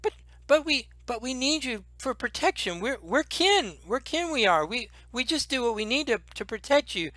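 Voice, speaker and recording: A nervous little kobold squeaks and stammers in a high, pleading voice, as a man puts it on. It repeats words as it begs, small and frightened. The sound is dry and close. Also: sing-song, moderate pace, sharp tone, no room sound, exaggerated voice.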